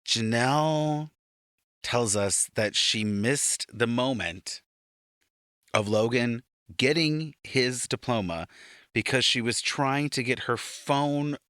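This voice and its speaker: A man co-hosting a casual reality-show recap podcast, animated and quick to swear, often leaping up high for emphasis. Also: clean tone, dry recording, studio quality. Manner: animated, swears freely, jumps into high-pitched exclamations. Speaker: podcast co-host.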